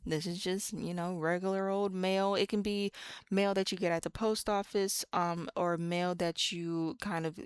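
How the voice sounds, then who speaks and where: An American woman leads a casual lesson in a low, unhurried voice. She repeats each sound patiently and drops chatty, playful asides. The recording is dry and close. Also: steady tone, clear, resonant tone, no echo. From United States. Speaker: language teacher.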